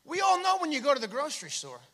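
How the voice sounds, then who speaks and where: Male stand-up comic, high-pitched, lively, acts out shouted bits, live theater reverb. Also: fast talker. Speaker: stand-up comedian. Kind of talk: stand-up comedy set. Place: theater stage. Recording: long hall reverb from a theater.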